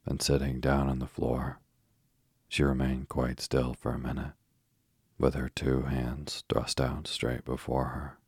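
A man narrating a storybook in a steady, measured reading. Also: very deep voice, creaky, husky, no echo, studio quality. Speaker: audiobook narrator.

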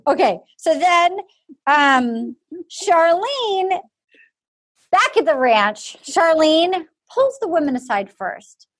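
High-voiced woman giving a lively recap. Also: takes it slowly, no echo. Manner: animated, acts out other people's lines. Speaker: podcast co-host. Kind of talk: casual recap chat.

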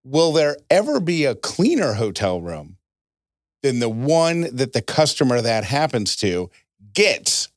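A man hosting a casual chat show, telling stories with a voice that jumps high for emphasis. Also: very animated, measured pace, no echo, studio quality. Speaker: podcast host.

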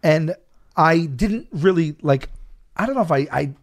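A man telling a story in casual chat, animated and laughing often, acting out shouted quotes. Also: on the high side, a little slow.

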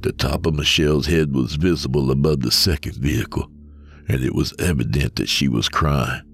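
A man narrating a first-person horror story in a calm, measured way. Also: a bass voice. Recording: soft music under voice.

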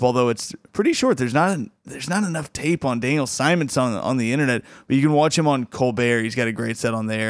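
A man's voice: medium pitch, clear, resonant tone, no echo, clean studio sound. A man hosting a comedy podcast in casual, rambling chat, laughing often. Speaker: podcast host.

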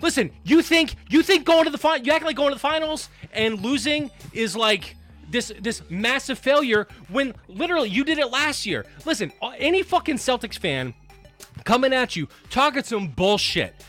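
A man's voice: very high-pitched, very animated, normal speed, fairly bright tone, soft background music. A man ranting on a sports podcast, heated and mocking, swearing constantly. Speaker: podcast panelist. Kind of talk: profane postgame rant.

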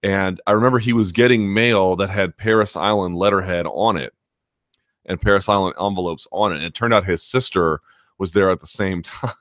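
A man's voice: low-pitched, a little fast, fairly bright tone, no echo, clean studio sound. A male host of a live chat show, telling a long story casually with many fillers and restarts.

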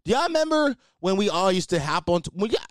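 A man's voice: high-pitched, big pitch swings, fast, dry recording, studio quality. A man podcaster doing a comedic, profane rant, repeating himself as he riffs.

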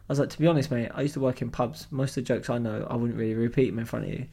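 A young man telling a story on a podcast in an animated, swearing way. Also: mid-range voice, racing, creaky, breathy edge. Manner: animated, swears freely, acts out voices. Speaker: podcast co-host. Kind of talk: casual storytelling chat.

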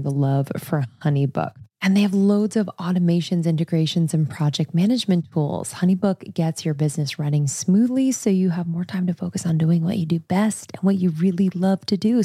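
A woman's voice: sits low, mellow, no room sound, clean studio sound. A woman podcast host reading an ad in an upbeat, emphatic way. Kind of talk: host-read ad.

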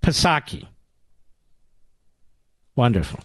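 A man delivers a political radio monologue in a combative, sarcastic way. His voice sits at a middle pitch and comes through a dry, close studio mic. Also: sing-song, very slow, no room sound. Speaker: radio talk show host.

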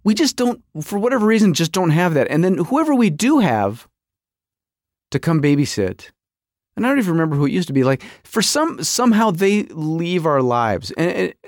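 A man's voice: a little high, sing-song, moderate pace, no echo, studio quality. A middle-aged man hosting a podcast, telling a comic story about his marriage with exaggerated quoted voices. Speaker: podcast host.

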